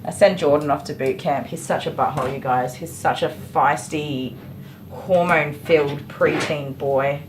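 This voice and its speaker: A woman's voice: low voice, fairly even intonation, moderate pace, slight background noise. A woman who is a dog groomer, chatting casually on a livestream while she works and answering viewers by name. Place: grooming salon, indoors.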